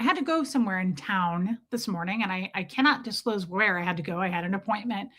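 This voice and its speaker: A woman hosting a livestream, telling a story in a chatty, animated way while greeting her chat. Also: medium pitch, fairly quick, hardly any pauses. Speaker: livestream host.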